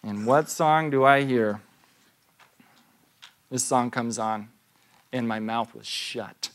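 A man's voice: mid-range voice, slow pace, fairly bright tone. A man in his thirties, a pastor giving a sermon in a church, telling a story and asking questions in a conversational way.

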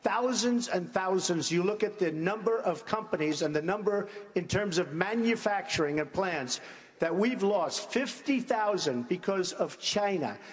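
Guy at a debate stage, kinda high voice, keeps repeating himself, long hall echo. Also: lively intonation, a little slow. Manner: emphatic, repetitive, talks over interruptions. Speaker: presidential debate candidate. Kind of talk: debate answers.

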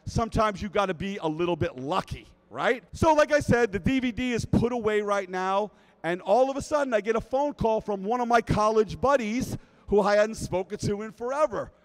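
A middle-aged man tells a comic story on a convention stage, keeping his voice high for a man. He is animated and keeps checking in with his audience. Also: moderate pace, low-quality recording. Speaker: speaker at a fan convention.

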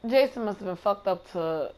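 A woman's voice: mid-range voice, animated, moderate pace, a little mellow, slight background noise. A woman streamer commenting on her gameplay in a casual, profane, trash-talking way. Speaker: gamer streamer.

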